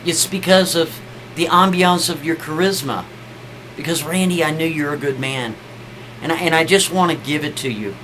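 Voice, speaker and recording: A man voicing a kindly, soft-spoken man facing his death, speaking quietly and repeating himself gently. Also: fairly high pitch, background noise, close to an everyday voice. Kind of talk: storytelling.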